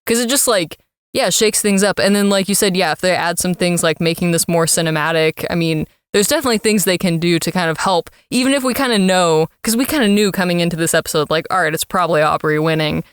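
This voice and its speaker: Female co-host, easygoing recap talk, clean smooth voice, dry close mic. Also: on the low side, fast talker, dry recording. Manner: relaxed, thinking aloud with likes and fillers. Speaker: podcast co-host. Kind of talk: casual recap chat.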